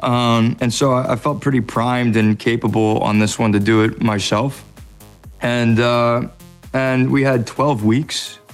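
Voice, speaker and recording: An American man guesting on a radio interview, relaxed and rambling, joking at his own expense. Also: medium pitch, unhurried, faint music behind. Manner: relaxed, rambling, self-deprecating humor. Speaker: actor guest. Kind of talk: casual interview.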